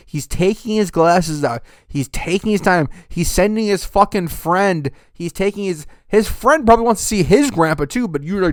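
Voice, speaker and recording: Brief: young male golf podcast host, profane ranter, smooth clear voice, dry close sound. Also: on the high side, no room sound. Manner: swears constantly, rants loudly, then winds down. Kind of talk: profane ranting recap.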